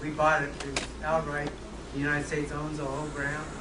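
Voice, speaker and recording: A man's voice: fairly high pitch, monotone, a little fast. Man chiming in from an echoey distance. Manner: interjecting, calls on others. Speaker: audience member. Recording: distant echoey recording with noise.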